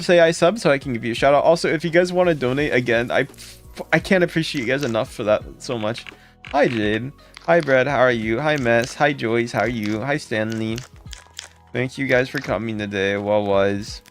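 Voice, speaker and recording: A man hosting a casual live stream, thanking and greeting viewers by name in quick upbeat bursts. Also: soft background music. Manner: upbeat, jumps into high excited calls when thanking donors. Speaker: livestream host.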